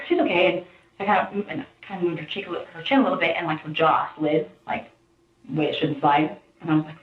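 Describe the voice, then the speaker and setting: Woman retelling events on tinny, echoey audio. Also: low-pitched. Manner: rambling retelling, acts out quotes. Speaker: interviewee recounting events. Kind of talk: recorded interview account.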